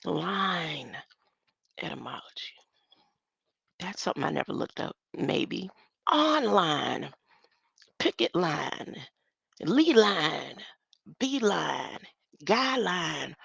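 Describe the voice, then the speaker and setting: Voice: mid-range voice, very animated, slow pace, creaky, long pauses, fairly bright tone, breathy edge, dry recording. A vlogger talking in a rambling casual monologue, musing and drifting from topic to topic and chuckling often. The sound is dull and lo-fi.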